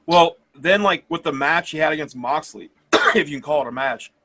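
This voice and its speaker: Casting: male podcast co-host, rambling casual talk, sharp bright voice, dry close sound. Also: on the high side, normal speed, dry recording. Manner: rambling, laughs often. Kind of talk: casual wrestling review chat.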